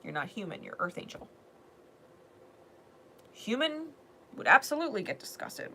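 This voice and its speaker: A woman giving a spiritual card reading in a blunt, profane manner, swinging between loud emphasis and hushed asides. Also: mid-range voice, animated, normal speed. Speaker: tarot reader.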